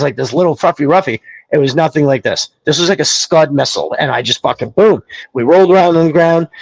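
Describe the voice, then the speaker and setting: Man, gravelly, fairly high voice, casual story, dry studio sound. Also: no echo, poor audio. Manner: animated, swearing, acts out quotes. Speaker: podcast host. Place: small studio. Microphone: studio mic.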